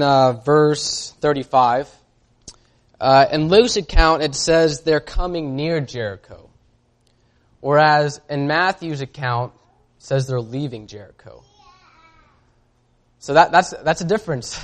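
A man preaching a sermon in a casual, conversational way, reading scripture aloud and often pausing on fillers. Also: a little high.

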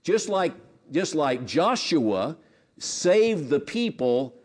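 A man's voice: fairly high pitch, sing-song, takes it slowly. A man teaching a Bible lesson, earnest, repeating words and putting questions to his listeners.

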